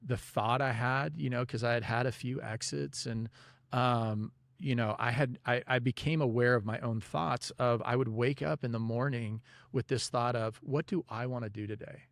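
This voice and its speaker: Speaking with a creaky, medium-pitched voice, a man recounts his faith story as a podcast guest, with fairly even intonation and a moderate pace. He's casual and conversational, peppering his talk about God and prayer with "you know" and "like" in an easygoing interview. The audio is clean studio sound with no room sound.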